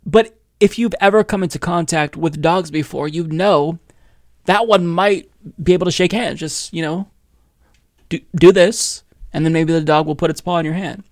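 A man's voice: on the high side, moderate pace, no room sound, studio quality. A man from Oregon hosting a political podcast, sarcastic and profane, often breaking into laughter. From Oregon, USA. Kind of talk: casual political commentary.

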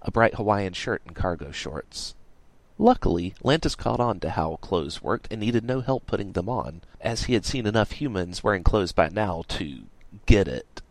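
A man reading an audiobook aloud in a playful, expressive way. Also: fairly low pitch, moderate pace, no room sound. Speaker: audiobook reader. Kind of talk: audiobook narration.

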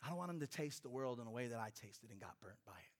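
A male pastor gives a fast, expressive sermon in a mid-range voice, moving between loud, intense stretches and quiet ones. He drops in funny personal asides for the congregation.

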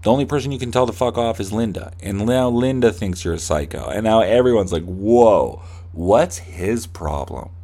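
Talking fast with few pauses, a podcast host with a fairly low, mellow voice unleashes a comedic rant full of heavy profanity. Along the way, he mimics corporate staff in mocking voices.

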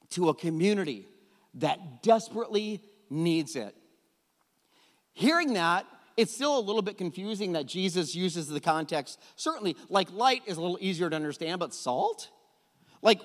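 A middle-aged man preaching a sermon, animated and jokey, often repeating words as he goes. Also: high-pitched, big-room sound. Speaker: pastor. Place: church hall.

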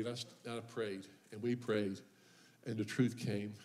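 A man's voice: on the low side, little pitch movement, slow pace, darkish tone. A male pastor preaching a sermon in church. He mixes humorous personal stories with impassioned refrains that build in force. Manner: humorous storytelling about his own life.

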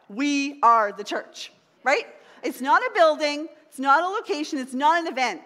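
A woman's voice: fairly high pitch, a bit bright. Emphatic woman preaching in a reverberant church. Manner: emphatic, repeats key phrases, leads call-and-response. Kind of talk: sermon. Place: church sanctuary.

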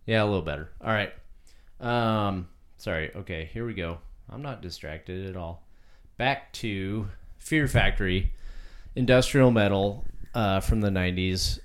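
Very deep-voiced man rambling casually. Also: unhurried. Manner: rambling, self-deprecating, frequent fillers and apologies. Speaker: podcast co-host. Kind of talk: casual chat about music. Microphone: home podcast microphone.

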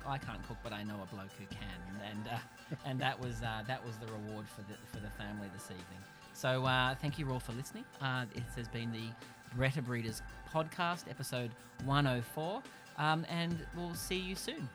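A middle-aged Australian man co-hosting a podcast, talking in a dry, wry and rambling way with many fillers. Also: mid-range voice. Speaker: podcast co-host. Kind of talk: casual chat. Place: a house in the evening.

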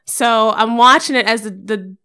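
A woman's voice: a little high, moderate pace, pushed and bright, clean tone. A young adult woman, a podcast guest, chatting casually and telling stories animatedly, acting out what people said. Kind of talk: casual chat.

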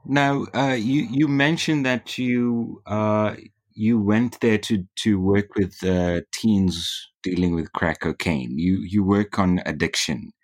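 A man hosting an interview, asking halting, conversational questions. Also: fairly low pitch. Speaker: interview host.

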